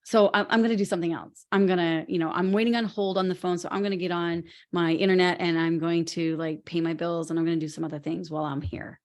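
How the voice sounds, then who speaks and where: A woman co-hosting a podcast in casual conversation, telling lively stories and laughing often. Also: lowish voice, fast, hardly any pauses. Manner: animated, laughing storyteller. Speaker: podcast co-host.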